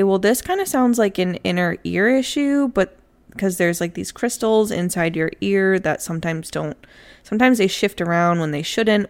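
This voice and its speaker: A young woman co-hosting a podcast, casually telling a true crime story in a chatty, laid-back way. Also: mid-range voice. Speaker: podcast co-host narrating a true crime case.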